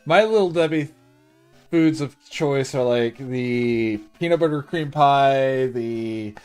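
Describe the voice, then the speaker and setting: A man's voice: medium pitch, takes it slowly, darkish tone, smooth, soft background music. A young man chatting casually on a livestream as he plays a retro game, reading bits of the game text aloud. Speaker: streamer playing a retro game.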